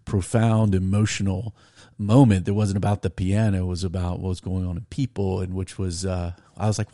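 A man's voice: low-pitched, steady tone, fairly quick, dark tone, no echo, clean studio sound. A middle-aged man, chatting casually and reviewing a movie with his son, rambling and often laughing. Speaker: podcast host, father.

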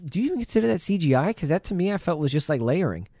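A man co-hosting a casual podcast, enthusiastically discussing film effects and chiming in with quick agreements. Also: on the high side, big pitch swings, warm tone, no room sound, studio quality. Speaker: podcast co-host.

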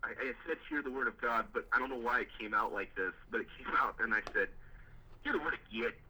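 A man's voice: mid-range voice, fairly even intonation, fast talker, bright, forceful tone, slight background noise, poor audio. A young man, a youth pastor, telling a story in a casual interview, rambling with repeated words and many fillers. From Indiana, US.

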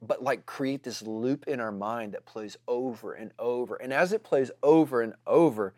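A man's voice: mid-range voice, normal speed, darkish tone, no room sound. A man telling a casual story to his congregation, chatty and full of fillers.

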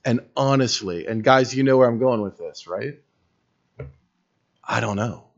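A man's voice: medium pitch, normal speed. Earnest preacher man, lo-fi sound. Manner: earnest, building to emphatic peaks, with wry self-deprecating humor. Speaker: pastor. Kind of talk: sermon. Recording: dull lo-fi recording.

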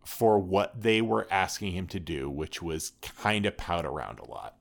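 Male podcast co-host, deep voice, dry and opinionated, casual delivery. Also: very animated, measured pace, gravelly. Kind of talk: casual chat.

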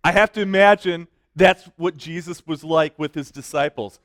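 A man's voice: on the high side, moderate pace, a bit bright, dry recording. A middle-aged man preaching a sermon as a youth pastor, mixing emphatic points with self-joking stories. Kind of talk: sermon with storytelling.

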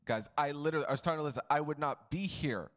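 A man's voice: a little high, racing, a bit bright. A man pastor giving a casual, chatty talk to his church on a handheld mic, laughing often. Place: church building. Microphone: handheld microphone.

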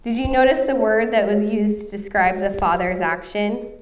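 A woman in her thirties gives an earnest sermon, weaving in a story from her own life. Her voice sits at a middle pitch and is picked up from a little distance away from the microphone. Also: normal speed. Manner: earnest, storytelling, coughing now and then. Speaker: preacher.

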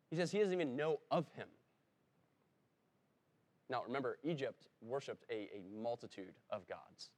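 A man's voice: medium pitch, darkish tone. Man preaching a casual sermon. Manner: conversational, with emphatic rises on quoted lines. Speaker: pastor. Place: church.

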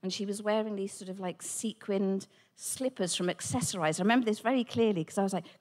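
A woman, a Christian speaker, telling a personal testimony with animated storytelling and acted-out dialogue. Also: mid-range voice, fairly quick, few pauses. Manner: animated, acts out quoted dialogue.

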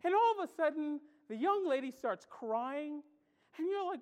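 A male pastor delivers a sermon in a notably high voice. He preaches with animation, telling stories and acting out reactions, swinging from loud exclamations to quiet asides. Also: animated, moderate pace. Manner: tells stories and acts out reactions.

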